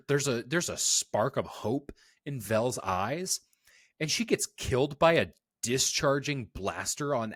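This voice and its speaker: Animated man on a dry close mic. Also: medium pitch, dry recording. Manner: animated storytelling, acts out quotes. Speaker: podcast co-host. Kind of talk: casual review chat.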